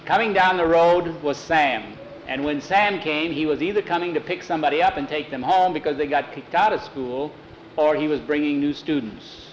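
A man telling a long homespun story, unhurried, with many "he said" tags and small restarts. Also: on the high side, roomy sound, slight background noise, poor audio. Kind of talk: oral storytelling, reading out a boarding-school tale.

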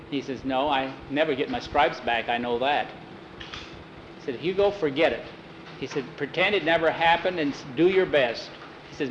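A man telling a long homespun story, unhurried, with many "he said" tags and small restarts. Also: on the high side, reverberant, a little hiss or hum, low-quality recording. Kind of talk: oral storytelling, reading out a boarding-school tale.

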